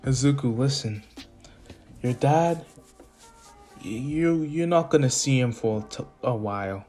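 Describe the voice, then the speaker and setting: A man voicing a worried mother who speaks slowly and half in a whisper. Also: mid-range voice, soft background music, close to an everyday voice. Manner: slow, hushed, half-whispered. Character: worried soft-spoken mother, hushed.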